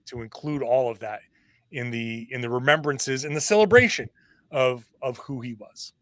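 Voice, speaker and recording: A man guesting on a sports podcast, telling stories in an animated, conversational way. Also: medium pitch, moderate pace, no echo. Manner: animated storytelling. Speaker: podcast guest, fellow host. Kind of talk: casual sports podcast discussion.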